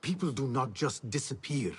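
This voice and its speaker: Calm, stern assassin. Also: male voice, medium pitch, husky. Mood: measured. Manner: measured, stern. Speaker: video game protagonist. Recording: game audio with faint ambience.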